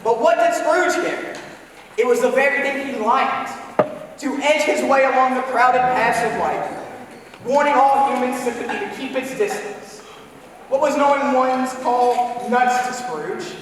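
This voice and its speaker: A man giving a dramatic recitation of classic prose with a measured storytelling manner at a live event, heard from far off in an echoey hall. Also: very high-pitched, noisy background. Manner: measured, shifting tempo, storytelling. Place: live event in a historic building.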